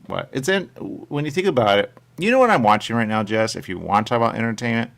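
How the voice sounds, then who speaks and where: A man's voice: mid-range voice, lively intonation, fast, creaky, fairly bright tone. A man hosting a talk radio show, rambling casually and quoting people in little voices, often saying "there you go". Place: radio studio.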